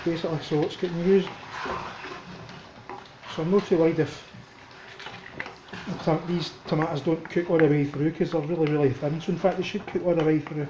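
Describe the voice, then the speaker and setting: A relaxed Scottish man talking his way through a home cooking session, chatty and unhurried, at a mid pitch. The recording is dull and lo-fi, with a roomy kitchen echo and steady noise behind him. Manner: chatty, relaxed, thinks aloud while cooking. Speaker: cooking vlogger. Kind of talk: casual cooking commentary.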